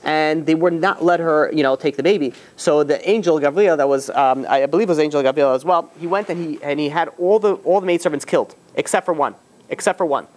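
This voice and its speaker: Speaking a little high and fairly quickly, this man teaches an informal class as a rabbi. He retells a story conversationally, slipping into the characters' dialogue and taking questions from the students present.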